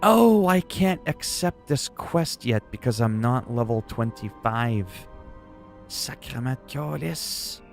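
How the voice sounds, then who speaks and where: A man's voice: medium pitch, sing-song, measured pace, hardly any pauses, faint music behind. A man streaming games, chatting in a rambling, joking way with some swearing. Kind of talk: casual chat while gaming.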